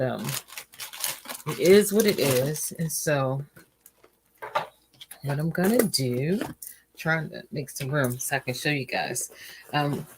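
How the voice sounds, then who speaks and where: A woman hosting a relaxed livestream at home, chatting casually with lots of fillers, tired and yawning. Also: low voice, slight background noise. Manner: rambling and chatty, trails off with fillers. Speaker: host of a relaxing stream.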